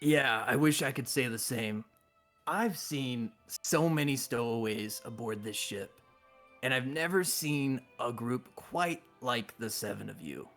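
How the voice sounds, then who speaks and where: A man voicing a gruff human ship crewman who swears and asks incredulous questions. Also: mid-range voice, measured pace, a bit bright, soft background music. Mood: scornful.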